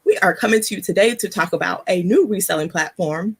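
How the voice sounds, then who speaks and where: A woman's voice: lowish voice, a little fast, breathy edge. A woman hosting a casual live stream, a little out of breath and chatty, laughing often. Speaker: host.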